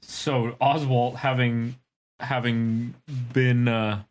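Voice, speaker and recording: A game master narrating a tabletop game in an unhurried, casual way. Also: mid-range voice, flat delivery.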